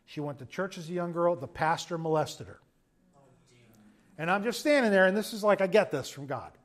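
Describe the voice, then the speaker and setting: A man, a pastor telling a story in a conversational sermon, moving between loud emphasis and quiet asides. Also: high-pitched, lively intonation, brisk. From United States.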